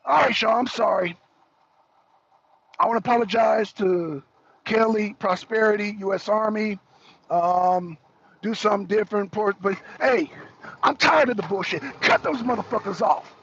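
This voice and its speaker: A man hosting a livestream talk show, ranting in an angry, profane, animated way. His voice sits very high for a man and has a gravelly rasp. The audio is a bit muffled, with a faint hiss underneath. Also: moderate pace. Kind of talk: heated political rant on a livestream.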